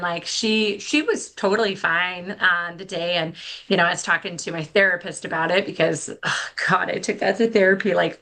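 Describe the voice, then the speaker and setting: Middle-aged woman, podcast guest, bright tone, somewhat low voice, candid and self-deprecating. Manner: candid, self-deprecating, many fillers and restarts. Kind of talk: casual storytelling.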